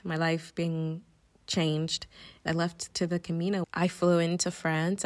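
A woman guest on a podcast, telling a personal story in an animated way, often laughing and acting out her own reactions. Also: fairly low pitch.

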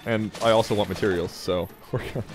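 A man's voice: on the low side, steady tone, quick pace, faint music behind. A man giving joking, rambling commentary as he plays a video game. He talks back to the game, chuckles often, and wanders off on side remarks. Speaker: let's play gamer. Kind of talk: gameplay commentary.

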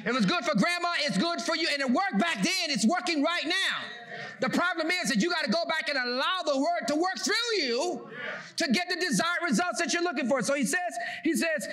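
A male pastor preaching a sermon, calling out to the congregation and shouting scripture verses. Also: extremely high pitch. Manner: call-and-response, shouting scripture.

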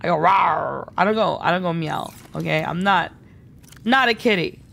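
A woman's voice: fairly low pitch, moderate pace, creaky, a bit bright. A woman streaming a game live, chatty and giggly, thinking aloud and answering viewer chat. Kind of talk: live gameplay commentary.

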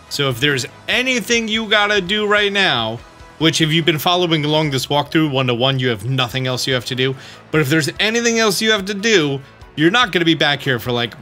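A man's voice: a little high, pushed and bright. A man hosting a let's play, explaining the game in a casual, chatty way. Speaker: gaming channel host.

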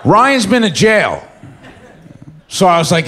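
A young man doing stand-up on stage, telling a story with lots of swearing and swinging between loud bursts and mumbles. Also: sits high, big pitch swings, slow, pauses often, noisy background. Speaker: stand-up comedian. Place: comedy stage before a live audience. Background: faint audience laughter.

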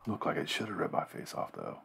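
A man's voice: fast talker, fairly bright tone, a little hiss or hum. A man casually commenting on the game he is playing, mumbling and thinking aloud to himself. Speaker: gamer playing a game on video.

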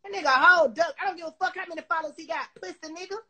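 Very high-pitched and very fast, a woman's bright, forceful voice delivers a profane live-stream rant from her phone. She's a social media personality who keeps cursing and repeating herself while angrily taking on her critics.

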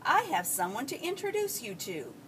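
A woman's voice: fairly high pitch, wildly swooping pitch, normal speed. A woman voicing a friendly, good-humored older male farmer in a read-aloud storybook, speaking in a patient, folksy way with a chuckle close by. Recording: distant mic, faint background hiss.

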